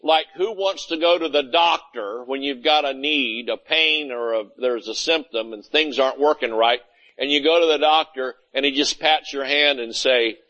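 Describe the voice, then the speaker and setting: A man's voice: medium pitch, moderate pace, pushed and bright, muffled recording. A man preaching a conversational sermon, often asking "Amen?" and acting out little scenes of everyday talk. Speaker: pastor.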